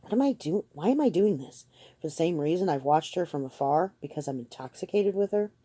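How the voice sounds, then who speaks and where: A woman's voice: low-pitched, animated, fairly quick, warm tone. A woman reading a guarded young male assassin. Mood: tense. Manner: terse, defensive, urgent pleading.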